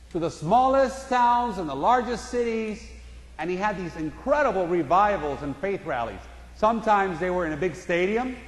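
High-pitched male pastor preaching, tells stories and does little voices, big echoey church hall. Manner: storytelling preacher, acts out voices in anecdotes. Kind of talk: sermon. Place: church sanctuary.

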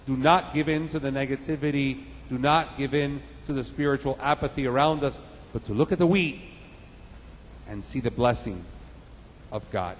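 A man's voice: medium pitch, big-room sound, slight background noise, low-quality recording. A man preaching a sermon with an emphatic, repetitive cadence, building points in parallel phrases.

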